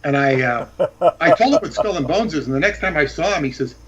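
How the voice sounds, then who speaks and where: A man's voice: on the high side, animated, fairly quick, muffled recording. A man talking as a guest author, telling rambling, digressive anecdotes in casual chat.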